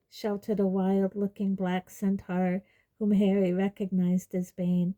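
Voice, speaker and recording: A woman reading a fantasy novel aloud in a measured audiobook narration. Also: mid-range voice, level tone, dark tone, rough recording. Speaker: reader.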